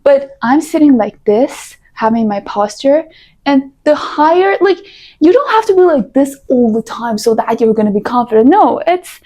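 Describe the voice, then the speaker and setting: High-voiced young woman giving chatty advice. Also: normal speed. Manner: animated, coaching, playful asides. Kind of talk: casual advice talk to camera.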